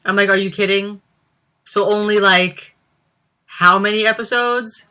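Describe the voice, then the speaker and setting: A woman's voice: mid-range voice, steady tone, measured pace, bright, forceful tone, clear, resonant tone. A young woman chatting casually on a livestream, reading out viewer comments and rambling with lots of fillers. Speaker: livestream host.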